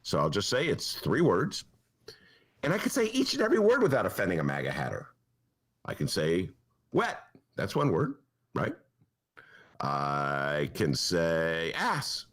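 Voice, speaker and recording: Male columnist-host, sarcastic comic riffing, extremely wide pitch swings. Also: moderate pace, pauses often, breathy edge. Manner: animated and sarcastic, jumps to high mock voices. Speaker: podcast host, newspaper columnist. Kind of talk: casual comic monologue.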